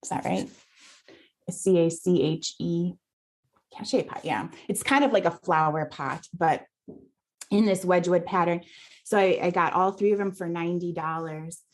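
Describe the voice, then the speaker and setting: Chatty low-voiced woman podcast guest. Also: fairly even intonation, moderate pace. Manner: chatty, telling her own finds at length. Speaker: guest reseller. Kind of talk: casual interview chat.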